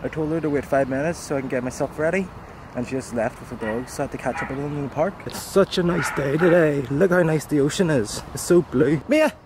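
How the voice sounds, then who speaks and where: A man's voice: a little high, quick pace, background noise. A young man chatting casually in a vlog, cooing playfully at his dogs. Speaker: vlogger.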